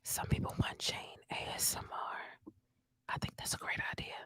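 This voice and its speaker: A woman host giving whispered news commentary in a husky whisper, animated and profane, repeating herself for emphasis. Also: moderate pace, no room sound. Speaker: channel host.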